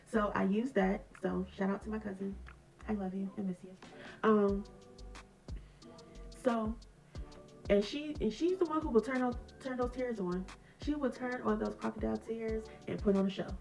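A woman vlogger telling a workplace story in a sassy, animated way, laughing along as she goes. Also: medium pitch, distant mic, rough recording. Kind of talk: casual storytime vlog.

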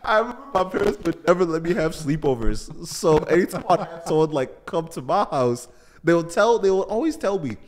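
A man's voice: a little high, fairly quick. A young man co-hosting a casual podcast, telling stories about his parents with frequent laughter. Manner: laughs often, animated storytelling. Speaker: podcast co-host. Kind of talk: casual chat.

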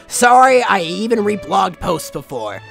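A man's voice: sits high, very animated, a little slow, vocal fry, a bit bright, soft background music. A man doing exaggerated ranting readings of online posts.

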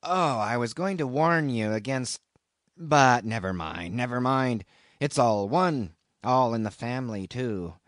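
A man voicing a strange, cryptic old sailor who speaks slowly and in a wondering, halting way. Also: medium pitch, lively intonation, fairly bright tone, no echo, studio quality. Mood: cryptic, ominous. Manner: slow, wondering, halting speech.

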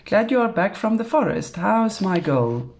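A woman reading a storybook, voicing a fond grown man with a gruff, grumbling delivery. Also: mid-range voice, very animated, moderate pace, a little mellow, a little hiss or hum, voice pushed up.

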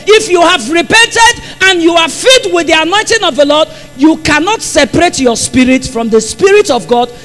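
A man's voice: extremely high pitch, fairly bright tone. A man with a Nigerian accent preaching a sermon in church, impassioned and repeating phrases for emphasis. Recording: long hall reverb.

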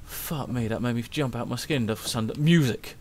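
A young man giving casual, excitable let's-play commentary at home, swearing often. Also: mid-range voice, moderate pace, a little hiss or hum. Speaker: gaming channel host.

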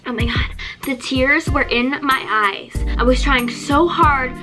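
A young woman telling a story in a casual vlog, chatty and animated, acting out the people she quotes. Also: high voice, measured pace, music in the background. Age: young adult. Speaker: vlogger.

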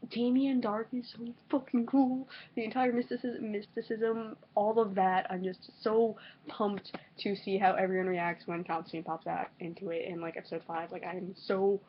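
A young woman rattles off her excited thoughts for a video reaction, full of fillers and swearing. Her voice sits in an ordinary middle range. The home recording is a little muffled, with a faint hiss underneath. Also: medium pitch, normal speed. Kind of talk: excited casual vlog reaction.

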